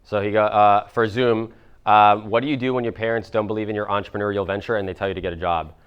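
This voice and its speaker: A man's voice: fairly low pitch, fairly even intonation, fast, clear, resonant tone, muffled recording. A man in his twenties, a business coach answering audience questions, talking casually with lots of fillers and swearing. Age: 20s. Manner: acts out others' voices in quoted dialogue. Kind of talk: live coaching Q&A.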